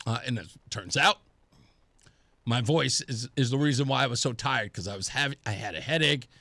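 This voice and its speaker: At a moderate pace, a man with a mid-range voice hosts talk radio from a studio, the studio microphone picking up no room sound. Scratchy-throated from pollen, he laughs and animatedly tells stories in a relaxed monologue.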